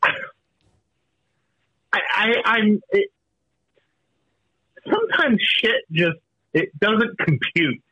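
A male caller on a radio show, excitable and profane, laughing as he talks. His voice sits high and bright with a husky edge. It comes through a dry, muffled phone line. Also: extremely slow, pauses often, no echo. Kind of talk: call-in chat.

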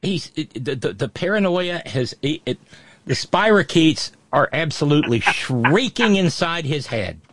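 A wry, measured man co-hosting a casual political talk show, often restarting his sentences with stammers. His voice sits a little high for a man. The sound is dry and close to the mic. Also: very animated, fairly bright tone, dry recording.

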